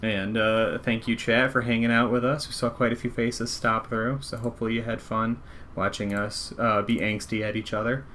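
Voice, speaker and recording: A man running a tabletop game as game master, narrating in a relaxed, rambling way. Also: lowish voice, moderate pace, a little hiss or hum. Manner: relaxed, rambling wrap-up with fillers.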